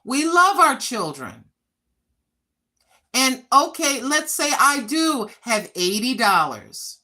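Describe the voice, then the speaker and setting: A woman in her sixties with a fairly high, bright, forceful voice talks straight to her livestream viewers. She vents bluntly and with frustration, swearing freely as she goes. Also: sing-song, slow pace. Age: 60s. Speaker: livestream host. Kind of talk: casual livestream venting.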